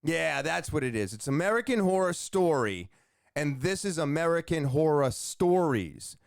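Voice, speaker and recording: A man's voice: on the high side, very animated, moderate pace, creaky, dry recording, clean studio sound. A young man hosting a solo podcast, telling a casual story with jokes and filler words. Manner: rambling, joking, many fillers and asides. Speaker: podcast host.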